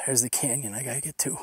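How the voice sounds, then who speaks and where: Hiking a desert trail outdoors, a podcast host rambles casually and rants with profane sarcasm. His voice sits at medium pitch, and background noise is audible.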